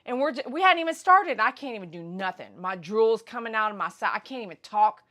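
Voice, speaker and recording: A woman hosting a casual livestream, telling a story in an animated, blunt, slangy way with loud bursts. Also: a little high, brisk. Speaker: pet groomer host. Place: grooming shop.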